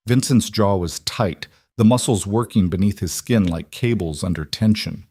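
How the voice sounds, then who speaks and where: A man reading a mafia drama as scripted narration, measured and even. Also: sits low, no room sound, clean studio sound.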